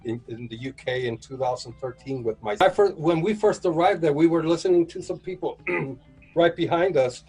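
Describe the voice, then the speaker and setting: A man's voice: a little high, normal speed, darkish tone, husky, soft background music, rough recording. A man who is a guest PR manager on a casual online chat, telling anecdotes and chuckling as he talks over a video call.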